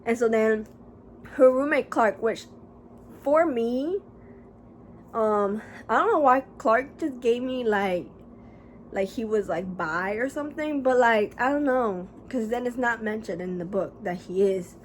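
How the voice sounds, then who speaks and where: Rambling, animated woman vlogger. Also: fairly high pitch, unhurried, slight background noise. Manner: rambling, animated, lots of fillers and casual swearing. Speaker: book reviewer. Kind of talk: casual chat.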